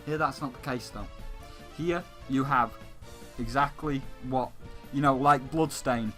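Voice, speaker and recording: A man's voice: mid-range voice, unhurried, a bit bright, faint music behind, rough recording. A man hosting a gaming channel, delivering a heated, profanity-laced rant that hammers the same points again and again. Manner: heated, swearing, repetitive ranting. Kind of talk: profane video game rant.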